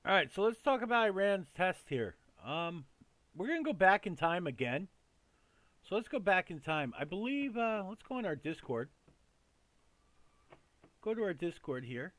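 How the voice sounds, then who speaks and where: Man, casual news commentary host, rambling, filler-heavy, slightly high voice, dry close sound. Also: very animated, normal speed, pauses often, a bit bright, dry recording. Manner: loose, chatty, many fillers and repeats.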